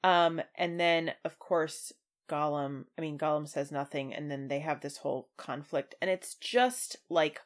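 A woman co-host with a fairly low voice talks casually about a book on a podcast. She gets emotional and gushing, stringing her thoughts together with lots of fillers. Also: measured pace.

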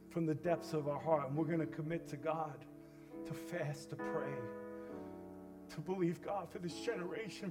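Impassioned high-voiced preacher man. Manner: impassioned altar call, swinging from hushed to loud cries. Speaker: pastor. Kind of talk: sermon.

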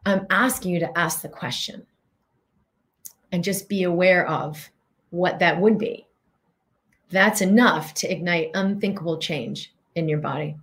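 Woman, middle-aged, wellness coach, earnest, reflective, slightly low voice. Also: a little slow, pauses often, fairly bright tone. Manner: earnest, reflective, with guided questions. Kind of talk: teaching talk to listeners.

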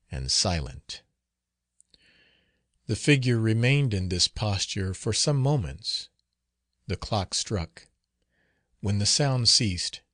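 A man narrating a gothic novel as an audiobook, reading in a measured, solemn manner. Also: lowish voice, no echo, studio quality.

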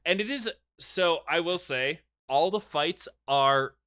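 A man's voice: on the high side, slow, sharp tone, clean tone, no room sound, clean studio sound. A man hosting a podcast, casually recapping a film in a rambling way, swearing and acting out the characters' lines.

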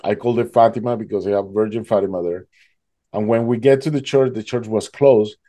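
Mellow-voiced man telling a survival story. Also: on the low side, steady tone. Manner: halting, fills with "like" and "you know". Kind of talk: emotional personal storytelling.

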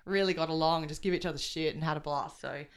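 Young nz woman, laughy casual podcast chat, kinda lowish voice. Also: fairly even intonation, fast, clean tone. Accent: New Zealand. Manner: chatty, laughs often, retells stories in quoted voices. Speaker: podcast co-host.

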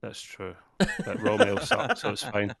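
A man in casual banter who drops deadpan one-liners. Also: lowish voice, a little slow, vocal fry, dry recording. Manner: deadpan one-line jokes.

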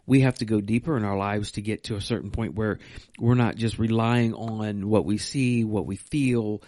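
A man's voice: on the low side, fairly even intonation, moderate pace, dark tone, no echo. Emphatic man with a dry, close voice. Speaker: podcast co-host. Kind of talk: casual faith discussion.

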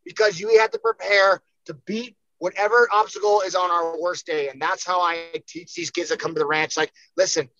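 A man's voice: sits high, steady tone, normal speed, hardly any pauses, pushed and bright, no room sound, lo-fi sound. A man talking as a podcast guest, emphatic and full of cursing, getting fired up as he speaks. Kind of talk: casual podcast chat.

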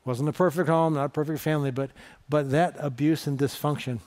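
A middle-aged pastor from northeast Ohio speaks a little fast in a slightly high, steady voice with a darkish tone. His sermon unfolds like storytelling, and he keeps asking the congregation questions.

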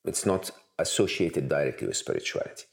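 A man with a bass voice speaks fairly quickly in a sing-song, creaky way as an interview guest. He answers questions at length, emphatic and building his points through repeated lists for effect.

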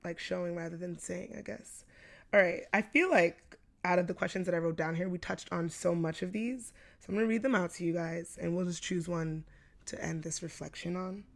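A woman co-hosting a podcast in relaxed casual chat, leading the conversation. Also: on the low side, brisk, gravelly. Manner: relaxed, reads questions aloud. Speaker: podcast co-host.

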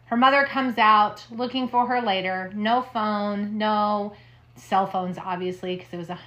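A woman co-hosting a podcast, chatting casually and telling a campfire ghost story with dramatic hushed moments. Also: medium pitch, steady tone, a little slow, dull audio. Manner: dramatic, drops to hushed tones for spooky parts. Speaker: podcast co-host.

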